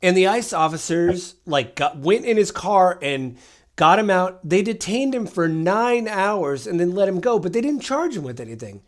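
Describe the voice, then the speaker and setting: A man's voice: high-pitched, lively intonation, moderate pace. A man co-hosting a political podcast, retelling incidents and acting out what people said. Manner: storytelling, acts out quoted exchanges. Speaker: podcast co-host. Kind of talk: casual political chat.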